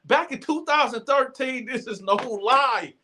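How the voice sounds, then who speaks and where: A man hosting a show, telling a casual story to his viewers in an animated way, with stammered restarts and repeated phrases. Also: extremely high pitch, a little slow. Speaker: show host.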